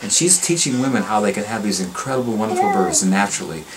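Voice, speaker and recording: A man's voice: lowish voice, quick pace, heavy background noise. An older man telling stories on a garden tour, enthusiastic and preachy, repeating and restarting his words. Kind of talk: casual storytelling. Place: outdoor garden.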